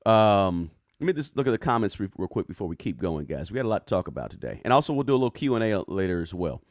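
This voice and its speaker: A man's voice: on the low side, very animated, fast talker, dry recording, studio quality. A man hosting a live personal finance stream, talking casually, reading viewer comments aloud and often tagging on "right?". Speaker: personal finance livestream host.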